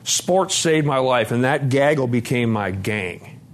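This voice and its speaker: A middle-aged man from Montana, USA, speaks with a medium-pitched, animated voice at an unhurried pace. He's giving a candid personal testimony at a recovery conference, blunt and profane, acting out the dialogue as he tells it.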